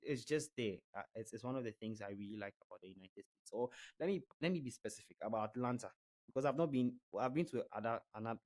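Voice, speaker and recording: A man's voice: medium pitch, darkish tone, low-quality recording. Chatty Ghanaian man, guest. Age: young adult. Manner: chatty, laughs easily, repeats words as he restarts. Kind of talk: casual interview chat.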